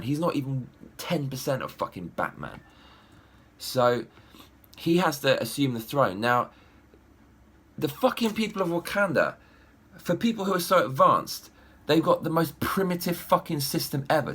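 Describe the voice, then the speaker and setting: A young man giving a profane, animated ranting film review. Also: medium pitch, normal speed. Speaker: movie reviewer.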